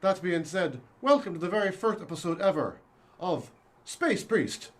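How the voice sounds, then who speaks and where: A man's voice: high-pitched, moderate pace. A man hosting an improv comedy show, bantering playfully with his co-host. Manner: playful, animated.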